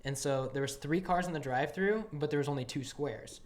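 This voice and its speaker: A podcast co-host telling a story in casual chat, acting out what coworkers said in lively quoted voices. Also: mid-range voice, a little fast. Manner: animated, acts out what coworkers said. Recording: echoey room with steady noise.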